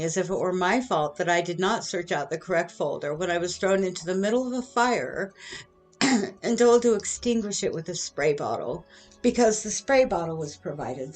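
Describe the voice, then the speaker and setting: A woman's voice: on the low side, expressive, moderate pace. A middle-aged woman venting in an indignant, sarcastic monologue aimed at her former bosses. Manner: indignant, sarcastic, with bitter laughs. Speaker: vlogger. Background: soft music.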